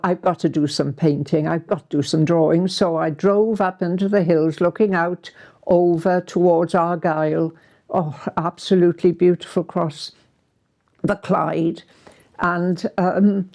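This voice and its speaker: A woman's voice: fairly low pitch, gravelly, mellow. Older woman telling her life story. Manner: chatty, meandering storytelling with fillers. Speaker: artist.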